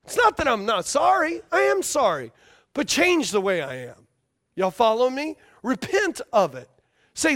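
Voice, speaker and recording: A man's voice: very high-pitched, big pitch swings, a little slow, a bit bright. A man preaching a sermon to a congregation, emphatic, repeating key phrases and checking that they follow him. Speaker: pastor.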